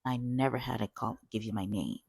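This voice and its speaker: A woman's voice: very deep voice, a little fast, gravelly, a little mellow, breathy edge, dry recording, clean studio sound, full character voice. A woman voicing an indignant demanding caller. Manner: defensive, demanding.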